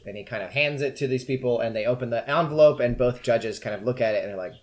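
A man's voice: medium pitch, fast, few pauses. A man narrating as game master, loose and casual with many fillers.

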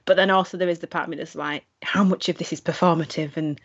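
A woman's voice: deep voice, fairly even intonation, quick pace, slightly rough. Chatty young woman, muffled audio. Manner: chatty, acts out quoted remarks. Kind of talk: casual chat. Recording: muffled lo-fi recording.

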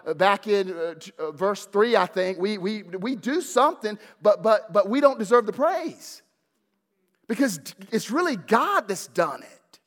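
A man preaching a sermon as pastor, fervent at his peaks and hushed at his close, repeating words as he builds emphasis. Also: high-pitched, expressive, unhurried. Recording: long hall reverb.

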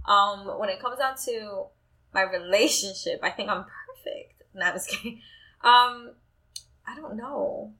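A woman chatting casually who tells stories with lively acted-out quotes and casual swearing. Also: mid-range voice, unhurried. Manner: animated storyteller, acts out quotes, swears casually. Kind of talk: casual chat.

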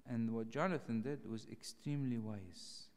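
A clergyman teaching a Bible study sermon, acting out the dialogue with a raised, animated voice. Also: mid-range voice, moderate pace. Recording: long hall reverb.

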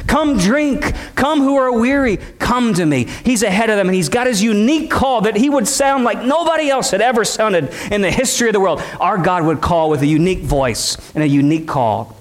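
A man's voice: high-pitched, lively intonation, brisk, hardly any pauses. A man preaching a sermon, building it from impassioned, repeated rhetorical questions.

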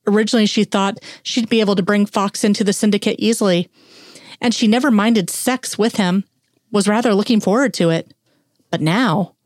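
Woman narrator for a fan fiction reading; steady, mid-range voice, dry and close. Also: mid-range voice, no echo.

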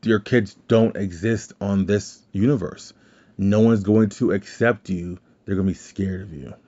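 A man with a lowish voice recaps a movie in a loose, rambling way, dropping in quoted lines as he goes. The recording sounds dull and lo-fi. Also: fairly even intonation, unhurried, mellow. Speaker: podcast host.

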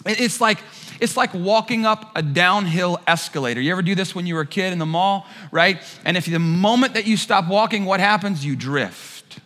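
A man preaches in a large church, and his high, bright voice rings out with a long reverb. He tells stories with lively energy and acts out the lines of the people in them, sometimes shouting them. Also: brisk. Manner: animated storyteller, acts out quotes with shouts. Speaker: pastor. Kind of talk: sermon with a humorous personal story.

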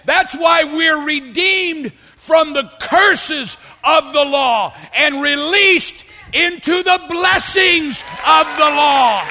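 Fervent high-voiced male preacher in a hall. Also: takes it slowly, hardly any pauses. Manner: fervent, rising to shouts. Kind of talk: sermon. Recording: long hall reverb.

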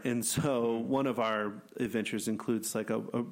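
A man from a Christian wilderness program telling an animated story in casual chat, laughing often and acting out what people said. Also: mid-range voice, a little fast, few pauses. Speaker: wilderness ministry program leader.

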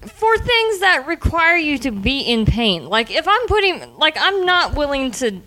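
Blunt woman with a slightly high voice. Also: big pitch swings, a little slow, bright, forceful tone, slight background noise, rough recording. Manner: blunt, swears. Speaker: podcast co-host. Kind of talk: casual chat.

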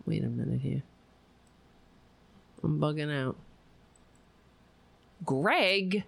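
A woman's voice: fairly low pitch, drawn-out words, creaky, long pauses, no echo. A woman hosting a live stream, giving casual political commentary with a lot of swearing and sarcasm. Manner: profane, animated, sarcastic.

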